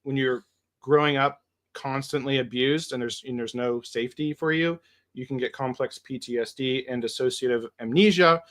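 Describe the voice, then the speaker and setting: A man's voice: mid-range voice, steady tone, normal speed, fairly bright tone. Man host, interview commentary, explains and sums up. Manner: explanatory, summarizing.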